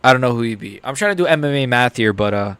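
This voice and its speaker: A young man hosting a casual live reaction stream. He swings between mumbled asides and loud, excited outbursts. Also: medium pitch, fast, clean tone, no room sound. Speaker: host.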